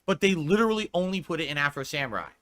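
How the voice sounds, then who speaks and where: Exasperated, profane male streamer, bright voice. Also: on the high side, expressive, very fast. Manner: reads and answers chat comments. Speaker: livestreamer. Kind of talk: live stream rant.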